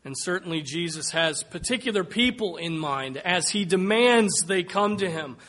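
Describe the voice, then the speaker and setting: A man preaching a sermon, slow and emphatic, dropping to a hush and rising to loud calls. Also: sits high, expressive. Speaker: pastor.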